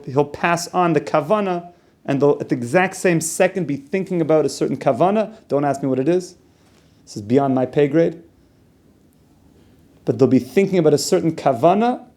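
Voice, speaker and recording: A man's voice: medium pitch, warm tone. A man giving a casual, conversational Torah class, dropping Hebrew and Yiddish terms into plain talk. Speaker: yeshiva teacher.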